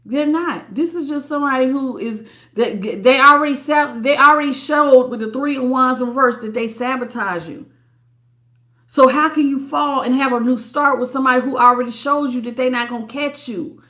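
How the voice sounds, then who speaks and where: A woman's voice: high voice, moderate pace, pushed and bright. A woman giving a live tarot reading, blunt and sassy, greeting viewers as baby and sweetie. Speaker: tarot reader.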